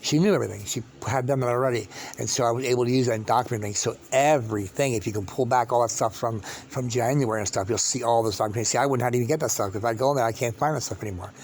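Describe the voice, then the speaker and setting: This man's story goes on and on as he addresses the camera at medium pitch. Again and again he breaks off mid-sentence and starts over.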